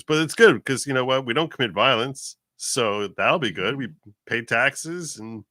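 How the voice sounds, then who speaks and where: A man chatting casually as a guest, animated and rambling, with many restarts. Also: medium pitch, normal speed, no echo. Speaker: guest commentator. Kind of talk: casual chat.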